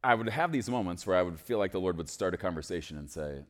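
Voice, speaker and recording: Male preacher, deep voice; emphatic bursts alternating with quiet, intimate storytelling. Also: expressive, fast. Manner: swings from loud emphatic declarations to soft, hushed storytelling. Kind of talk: sermon.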